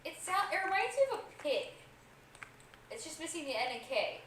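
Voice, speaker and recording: A woman's voice: very high-pitched, sing-song, brisk, fairly bright tone, reverberant, distant mic, a little hiss or hum. A woman co-host chatting playfully on a stream, reading out viewers' comments. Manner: playful, reads chat aloud. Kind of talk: casual live-stream chat.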